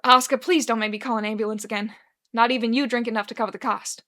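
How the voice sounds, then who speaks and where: A woman's voice: on the high side, fairly even intonation, fast talker, sharp tone. A woman voicing a brash, frazzled male bartender who swears freely and uses old-fashioned slang, in a dramatic fanfiction reading. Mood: urgent.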